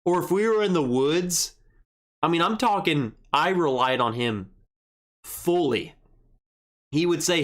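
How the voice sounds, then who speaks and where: A man's voice: on the high side, animated, normal speed, fairly bright tone. A young man hosting a casual live stream, rambling through an army story and reading viewer comments aloud. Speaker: livestream host.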